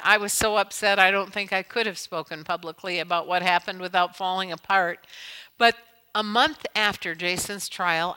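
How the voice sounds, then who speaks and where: A middle-aged woman giving an earnest inspirational talk at a conference, telling stories and building to emphatic high points. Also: bright, forceful tone, clear, resonant tone, rough recording. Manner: storytelling, earnest, swells to emphatic highs. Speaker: conference speaker.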